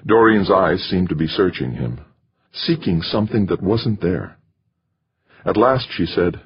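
A man narrating an audiobook in a steady, measured reading. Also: low voice, breathy edge. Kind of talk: scripted narration. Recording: dry, slightly muffled recording.

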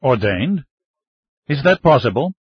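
A man's voice: mid-range voice, very animated, a little slow, breathy edge, dry recording, exaggerated voice. A man voicing a formal, courteous male monsignor at an embassy, in an audiobook reading. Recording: dull lo-fi dry recording.

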